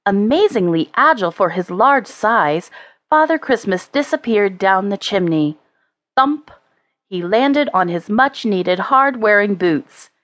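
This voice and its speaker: A woman narrating a children's storybook in a slow, measured way. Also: mid-range voice, dry recording. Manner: slow, expressive, measured reading. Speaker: audiobook narrator.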